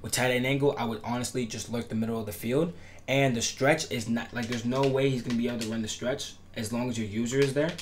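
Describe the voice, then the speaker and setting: This man speaks fast at a medium pitch with fairly even intonation, and there's a slight hiss or hum on the recording. He's a gaming tutorial creator explaining defensive setups casually, repeating points, promising emphatically, and occasionally cracking his voice.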